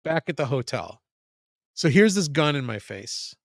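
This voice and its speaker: A man's voice: on the high side, very animated, measured pace, dry recording, studio quality. A man, a podcast guest, telling a long story in casual chat, profane and full of restarts. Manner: rambling, profane, frequent restarts.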